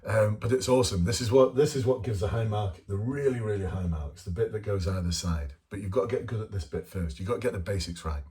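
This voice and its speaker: Casual blunt guy with a lower voice, chatty coach, swears a bit. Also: quick pace, hardly any pauses, warm tone. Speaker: police interview coach. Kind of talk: casual spoken lesson to camera.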